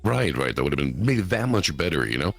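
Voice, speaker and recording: A man's voice: a bass voice, very animated, fairly quick, vocal fry, a bit bright, slightly rough, soft background music. A man from the United States co-hosting a casual live podcast, joking and swearing as he riffs playfully. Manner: joking, profane, playful improvising. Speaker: podcast co-host.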